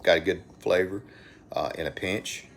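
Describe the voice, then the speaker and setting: A middle-aged man with an Alabama accent rambles in a folksy manner while hosting a casual home live stream from his phone, naming viewers as he talks. His voice sits low, with fairly even intonation at a normal speed, and slight background noise is present.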